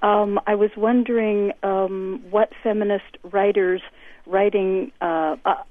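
Halting woman caller over a tinny phone line. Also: medium pitch, steady tone, dry recording. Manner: halting, with many fillers.

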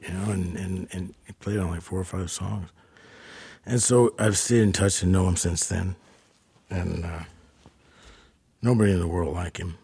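A man telling rambling stories as a musician guest in an interview. His voice is low, gravelly and husky, and he speaks slowly. He talks in halting bursts that trail off into mumbles. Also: darkish tone.

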